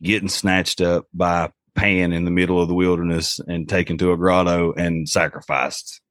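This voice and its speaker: A male podcast host with a lowish voice keeps things light and jokey. He laughs along easily. The sound is dry and close, with no room echo. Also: little pitch movement, normal speed, a bit bright. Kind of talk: casual conversation.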